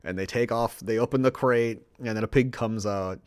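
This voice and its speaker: A man with a fairly low voice gives a loose, foul-mouthed movie review. He rambles and mocks the film with sarcasm, sometimes slipping into silly voices for the characters. The sound is dry and close to the mic, with no room around it. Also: moderate pace, clean tone, no room sound. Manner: acts out characters in mocking voices. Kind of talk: casual profane movie review.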